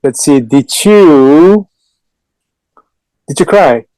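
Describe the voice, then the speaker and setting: A man co-hosts a casual soccer podcast, tossing in teasing jokes and quick reactions. His voice sits a bit higher than most men's. The recording is close and dry, with no room sound. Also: expressive, warm tone, no echo, low-quality recording. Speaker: podcast co-host. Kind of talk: casual chat.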